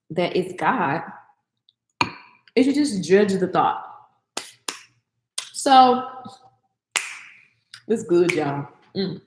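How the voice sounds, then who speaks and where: Here a business coach who vlogs makes casual conversation with her y'all-addressed viewers as she cooks, her speech peppered with Southern slang. Her medium-pitched voice echoes through the home kitchen, with background noise underneath.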